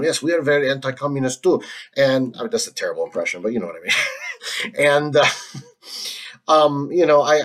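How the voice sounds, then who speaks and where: A man hosting a solo stream, talking in a casual, rambling monologue full of restarts, fillers and frequent laughs. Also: mid-range voice. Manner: halting, many restarts and fillers, laughs often.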